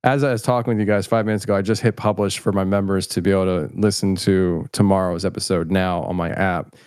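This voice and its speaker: A man's voice: low voice, fairly even intonation, quick pace, darkish tone, clear, resonant tone, no echo, clean studio sound. A middle-aged man chatting casually as an interview guest, rambling and self-deprecating with many restarts. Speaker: podcast host, guest filmmaker.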